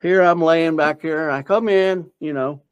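A man's voice: a little high, moderate pace, clear, resonant tone, dry recording, lo-fi sound. A man earnestly telling a personal story in a rambling, casual way. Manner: earnest, rambling, with many fillers and restarts. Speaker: interviewee sharing personal story.

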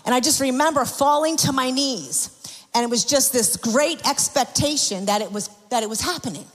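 A woman preaches in a church, telling a story in an earnest, confessional way. Her voice sits a little high. She often restarts her sentences, and a long reverberant tail follows her words around the hall. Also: normal speed, a bit bright. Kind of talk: sermon testimony.

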